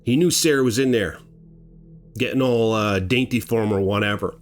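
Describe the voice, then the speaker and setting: A man telling a grim story casually, animated and conversational, acting out sounds as he goes. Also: medium pitch.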